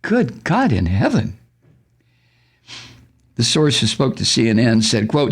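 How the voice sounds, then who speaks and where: A man hosting a political talk radio show, sarcastic and profane, with mocking laughs and loud exclamations. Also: mid-range voice, wildly swooping pitch, slow pace, pauses often, slightly rough.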